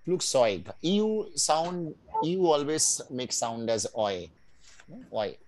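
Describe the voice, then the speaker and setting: A man teaching a beginners' German class. He explains patiently, drills words slowly and keeps checking in with his students. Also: fairly high pitch, sing-song, darkish tone, low-quality recording. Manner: patient, checks in often with "right?" and "no?"; drills pronunciation slowly, word by word. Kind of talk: live online language class.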